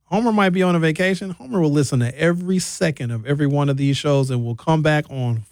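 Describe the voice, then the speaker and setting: A man hosting a radio talk show, telling lively stories with impressions. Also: fairly high pitch, fast talker, no room sound, clean studio sound. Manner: animated storyteller, slips into impressions. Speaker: radio host. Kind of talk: lively casual radio banter.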